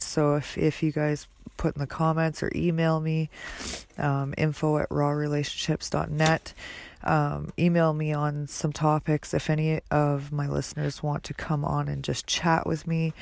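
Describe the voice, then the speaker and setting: Woman podcast host, earnest, halting, even-toned personal monologue. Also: sits low, gravelly, no room sound. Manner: earnest, halting, many pauses and fillers.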